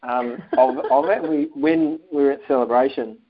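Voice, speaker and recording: Heard through a dull, lo-fi recording, a man with a mid-range voice speaks at normal speed. As a casual interview guest, he tells a personal story with animation, reenacting phone calls and what others said.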